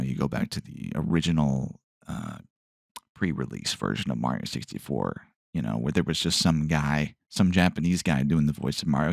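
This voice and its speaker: A man with a rumbling low, creaky voice hosts a solo podcast in a casual, rambling style, often trailing off with "I don't know," questioning himself, and tossing in sarcastic asides. The recording is dry and studio quality.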